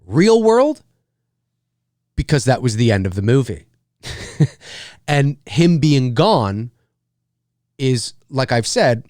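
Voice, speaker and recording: A man hosting a live stream, answering viewer questions in an animated way. He often repeats himself and laughs. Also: medium pitch, no echo, studio quality. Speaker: host.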